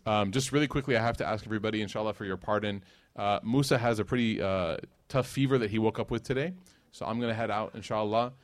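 A man preaching to a live audience, telling stories in a lively rhythm and dropping into hushed asides. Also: on the low side, quick pace, no echo. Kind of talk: sermon.

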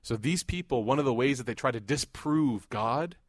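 A man in his thirties giving a sermon, mixing laughing stories with hushed, earnest reflection. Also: mid-range voice, normal speed, no room sound, clean studio sound. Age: 30s. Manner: animated, jokes and rises loud in anecdotes, hushed and earnest in devotion. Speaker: Muslim preacher. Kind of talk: sermon with storytelling.

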